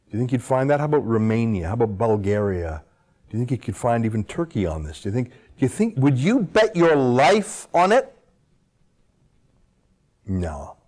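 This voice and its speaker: A man's voice: mid-range voice, big pitch swings, moderate pace, darkish tone. A man delivering an opinionated political monologue, full of sarcastic asides and rhetorical questions. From Canada. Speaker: political commentator host.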